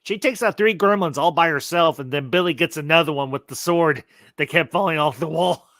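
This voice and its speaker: A man in his forties co-hosting a casual movie chat, telling scenes in an animated way. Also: fairly high pitch, fairly quick, no echo. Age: 40s. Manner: animated storyteller, acts out scenes. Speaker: movie review podcast co-host.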